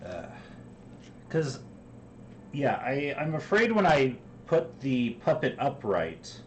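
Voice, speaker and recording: Rambling, joking man, lively voice. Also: medium pitch, takes it slowly, soft background music, poor audio. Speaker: streamer. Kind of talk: casual live-stream chat while crafting. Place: home kitchen.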